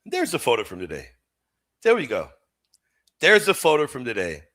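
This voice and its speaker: A middle-aged man hosting a live religious Q&A stream, emphatic and animated, jumping from loud exclamations to quiet asides. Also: medium pitch, moderate pace. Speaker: host of a live Catholic apologetics stream. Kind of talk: livestream chat and Q&A.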